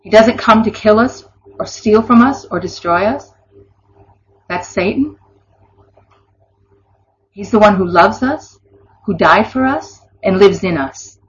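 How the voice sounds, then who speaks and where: A woman's voice: mid-range voice, slow pace, pauses often, slight background noise. A woman giving an informal Christian devotional teaching, earnest and conversational, with laughing asides. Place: online or broadcast session. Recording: dull lo-fi recording.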